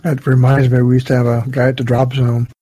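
Male co-host, mid pitch, warm dark tone, easygoing storyteller. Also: completely flat delivery, a little fast, no echo. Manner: easygoing storyteller, frequent "you know". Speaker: podcast co-host. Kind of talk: casual podcast chat.

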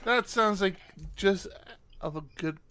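A man's voice: sits high, a bit bright. A man co-hosting a podcast in casual banter, teasing his co-host and wrapping up the show. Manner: teasing, quick with jokes, wraps up the show.

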